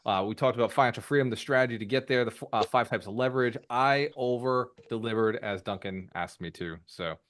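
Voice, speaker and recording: A man's voice: mid-range voice, brisk, few pauses, a bit bright, no echo. A man presenting from home on a video call, upbeat and casual, calling people brother. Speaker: webinar presenter. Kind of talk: casual online Q&A.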